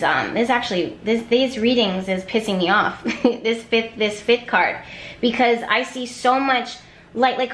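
A woman's voice: fairly high pitch, fairly bright tone, roomy sound. A woman giving an intuitive tarot reading to camera, talking emphatically with repetition and flashes of exasperation. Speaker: tarot card reader.

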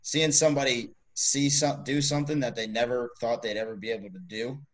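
Casting: male podcast co-host, mid-pitched, loose conversational delivery, lots of fillers. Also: fairly quick. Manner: relaxed, rambling, heavy on "like" and "you know". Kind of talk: casual chat.

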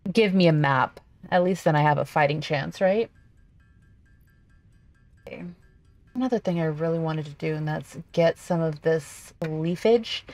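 A woman with a slightly low voice hosts a gameplay video. She chats casually and excitably, talking to herself as she plays. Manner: chatty, excitable, talks to herself while playing. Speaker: gaming video host.

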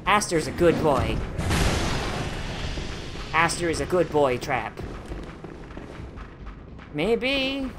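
A man's voice: fairly high pitch, sing-song, drawn-out words, long pauses, music in the background. Profane, sarcastic male game streamer. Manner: profane, sarcastic, frustrated outbursts. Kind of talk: casual gameplay commentary.

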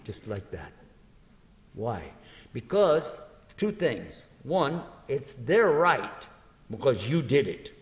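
With a sing-song, mid-range voice, this Islamic preacher takes his time and leaves long pauses. His lively religious lecture, full of acted-out dialogues and questions for the audience, echoes with the long reverb of a large university lecture hall.

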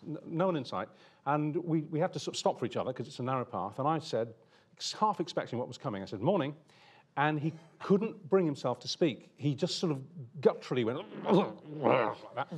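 A middle-aged man, a TV presenter, telling an animated anecdote on stage and laughing often. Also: medium pitch, husky.

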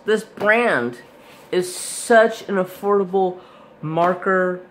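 Male craft host, unhurried and rambling, a bit stuffy from a recent cold. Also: mid-range voice, fairly bright tone, a little hiss or hum. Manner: rambling, chatty, lots of fillers and self-corrections. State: slightly stuffy, recovering from illness. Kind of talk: casual unboxing vlog.

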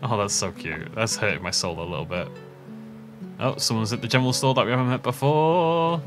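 A man's voice: medium pitch, brisk, over music. A man hosting a let's play, commenting casually on a farming game with rambling, self-interrupting asides and chuckles.

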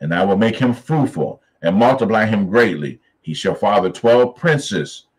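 Male Bible study teacher, lower voice, animated preacherly delivery. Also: rough recording. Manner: animated, preacherly, reads scripture slowly then riffs on it.

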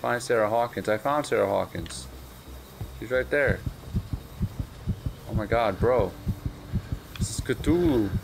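A man's voice: fairly low pitch, a little slow, creaky, long pauses, a little hiss or hum. A young man giving casual let's-play commentary, jittery and swearing, repeating himself as he plays. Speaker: gamer.

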